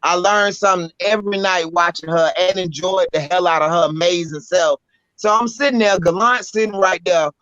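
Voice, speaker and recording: A Southern woman spins a story in a bright, forceful voice, blunt and animated, with salty language. The audio is dry and dull, like a lo-fi podcast mic close up. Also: on the low side, moderate pace, no echo. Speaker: spoken word poet, guest. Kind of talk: casual storytelling. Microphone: podcast microphone.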